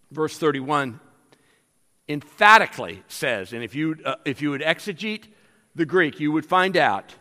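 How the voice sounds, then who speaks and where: A man's voice: on the high side, animated, normal speed, pushed and bright, long reverb tail. A man preaching a sermon as pastor to his congregation, with emphatic exhortations.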